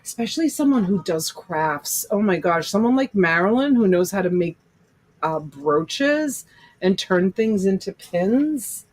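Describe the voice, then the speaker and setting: A woman's voice: mid-range voice, lively intonation, unhurried. A woman hosting a casual live-stream jewelry sale, gushing over pieces and joking with viewers. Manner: gushing, exclaims over items, laughs often. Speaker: host selling jewelry lots in a live stream.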